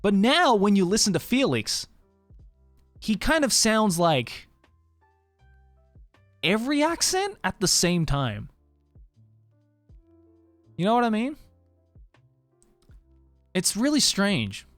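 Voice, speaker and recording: A man's voice: high voice, wildly swooping pitch, slow pace, pauses often, fairly bright tone, no echo, faint music behind. A man from Australia with an Australian accent, chatting casually with stream viewers, tired, rambling and swearing casually. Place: Tokyo.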